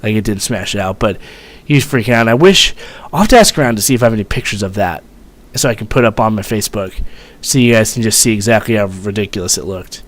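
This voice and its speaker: A man's voice: lowish voice, expressive, fast, few pauses. A young man casually telling a rambling, profane story as a vlogger, full of fillers and swearing.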